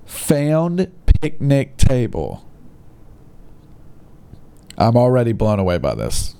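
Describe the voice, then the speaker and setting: A man's voice: medium pitch, wildly swooping pitch, takes it slowly, gravelly, pauses often, dark tone, clean tone. A man reading online posts aloud and mocking them in an exasperated, sarcastic comedic rant. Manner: exasperated, mocking, mild bleeped-style cursing.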